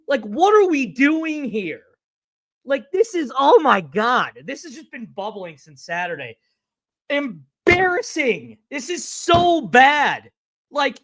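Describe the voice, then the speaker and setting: A man's voice: very high voice, fairly bright tone. A man co-hosting a sports podcast, delivering an exasperated, profane rant. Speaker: podcast co-host.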